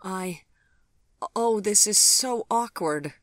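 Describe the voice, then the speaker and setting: An audiobook reader voicing Vivian, a flustered grandmother who teases and then squirms, in a higher voice than the narration. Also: slow pace, fairly bright tone, no echo, studio quality. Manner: teasing, then awkward and defensive. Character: flustered new grandmother, a woman.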